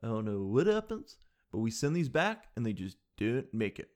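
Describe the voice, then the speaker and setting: A man's voice: medium pitch, very animated, moderate pace, a little mellow, pitched below the performer's own voice, natural voice. A man voicing a laid-back male postal clerk who calls everyone "dude". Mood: dismissive.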